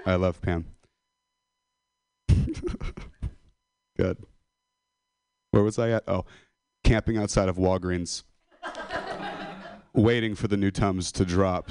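Male stand-up comic, low smooth voice, dry close sound, profane self-mocking rants. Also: dry recording. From Modesto, California. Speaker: stand-up comedian. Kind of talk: stand-up comedy set.

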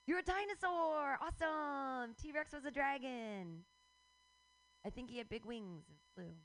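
A woman's voice: high-pitched, measured pace, poor audio. A woman in her forties hosting a radio show, ranting casually with swearing and frequent laughs. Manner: animated, swearing, laughs often.

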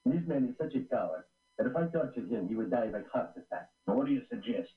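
A man's voice: medium pitch, lively intonation, fast, lightly acted. An actor playing a sly, plotting male pirate villain in an old film. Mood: scheming. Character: scheming cowardly-hating male pirate villain. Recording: tinny echoey old film soundtrack.

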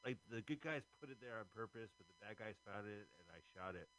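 A man's voice: lowish voice, animated, fast, a bit bright, a little hiss or hum, poor audio. Joking man riffing over a movie. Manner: joking, laughs often, teases his co-host. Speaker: co-host. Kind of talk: casual movie-watching commentary.

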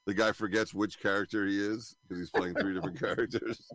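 A man's voice: fairly low pitch, steady tone, fairly quick, fairly bright tone, no room sound. A man co-hosting a radio show, trading jokes and banter while watching a film with friends. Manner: joking, self-deprecating banter. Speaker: radio co-host.

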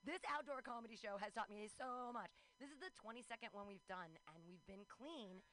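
A woman's voice: fairly high pitch, animated, brisk, sharp tone, rough recording. A woman performing a playful, self-mocking stand-up comedy set at an outdoor show.

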